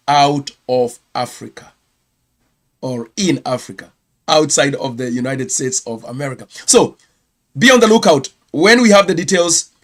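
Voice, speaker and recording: A Kenyan man, a pastor, giving a chatty live-streamed news round-up and correcting himself as he goes. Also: a little high. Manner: chatty, self-correcting, reads viewer comments.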